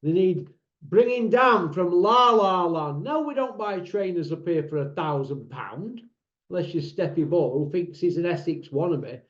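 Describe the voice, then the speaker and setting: A man with a northern English accent, hosting his own channel in a blunt, mocking, combative rant to camera. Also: sits high. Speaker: channel host. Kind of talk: ranting monologue to camera. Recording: roomy, dull lo-fi sound.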